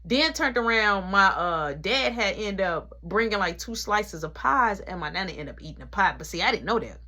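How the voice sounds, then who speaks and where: Woman storyteller, casual, animated, voice rising and dipping a lot. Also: medium pitch, moderate pace. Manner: animated, lots of reported speech.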